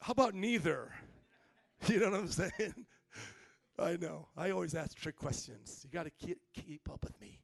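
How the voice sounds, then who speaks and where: A man preaching a humorous sermon in a church, joking and animated, calling out to the congregation. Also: high-pitched, a little slow, vocal fry, husky, no room sound. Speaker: pastor.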